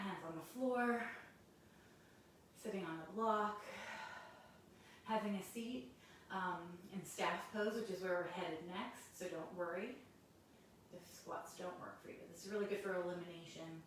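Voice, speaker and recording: A woman's voice: medium pitch, moderate pace, slight background noise. Woman leading yoga in an echoey room. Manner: calm step-by-step cues with self-aware asides. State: a little out of breath while doing poses. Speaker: yoga instructor. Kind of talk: guiding a yoga class. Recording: very echoey room, mic at a distance.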